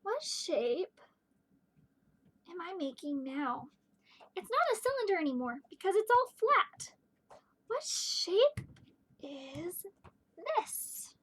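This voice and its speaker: A woman teaching a home video lesson to young children, playful and gentle, asking them questions as she works. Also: extremely high pitch, sing-song, slow pace, long pauses. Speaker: kindergarten teacher.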